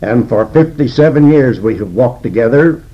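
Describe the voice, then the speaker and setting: Older male Bible teacher, husky and unhurried, deliberate sermon delivery on a dull lo-fi recording. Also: medium pitch, animated. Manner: slow and deliberate, with frequent "uh" pauses. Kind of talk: expository sermon.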